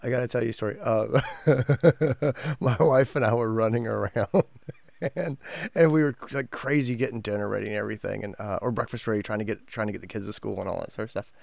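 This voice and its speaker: A man's voice: lowish voice, a little fast, creaky, dry recording. A man in his forties, co-hosting a podcast, telling a family story with lots of laughter. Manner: animated storyteller, laughs often. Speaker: podcast co-host. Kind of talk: casual chat.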